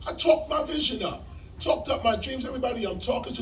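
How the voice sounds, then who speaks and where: A man telling a story to a live audience in a library hall, animated and emphatic like a preacher, repeating key lines and jumping in pitch. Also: fast talker, recorded from a distance, a little hiss or hum. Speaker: guest speaker on stage.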